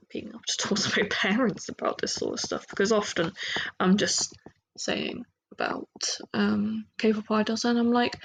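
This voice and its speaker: A woman's voice: mid-range voice, vocal fry, breathy edge, poor audio. A woman with an English accent hosting a solo podcast, chatting casually in a rambling, self-deprecating way with lots of fillers. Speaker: podcast host.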